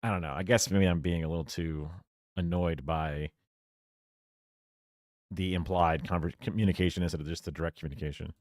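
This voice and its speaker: A man's voice: sits low, fairly even intonation, fairly quick, long pauses, darkish tone, no echo, studio quality. A man streaming, reacting to a clip with casual, opinionated commentary and lots of fillers. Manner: musing, opinionated, many fillers.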